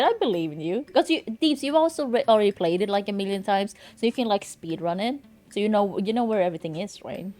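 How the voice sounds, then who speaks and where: A young woman live-streaming a game, chatting casually and swearing freely as she talks to her viewers. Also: medium pitch. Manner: animated, swears freely, talks straight to chat. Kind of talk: casual gaming stream chat.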